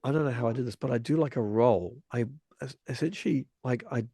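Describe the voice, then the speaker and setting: A man's voice: mid-range voice, quick pace, gravelly, dark tone, husky, no room sound. A man in his forties telling a story in casual conversation, rambling with many restarts and vivid retelling. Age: 40s.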